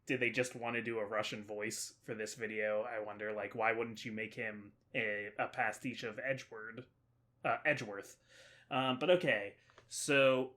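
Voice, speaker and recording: A man's voice: mid-range voice, pushed and bright. A man giving casual commentary while playing a video game, chatty and thinking aloud as he goes. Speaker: let's play host.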